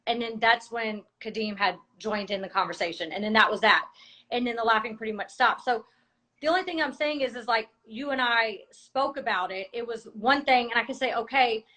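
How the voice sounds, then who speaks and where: A woman's voice: on the high side, fairly quick, bright, forceful tone, low-quality recording. A woman in a heated conversation, insistently explaining her side at length. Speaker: cast member.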